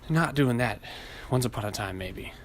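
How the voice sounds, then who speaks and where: A man's voice: medium pitch, lively intonation, normal speed, a little hiss or hum. A man hosting a podcast alone, rambling casually and cursing freely, laughing at his own stories while hot and sweaty. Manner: profane, rambling, laughs at himself. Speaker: podcast host. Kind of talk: casual solo podcast rant.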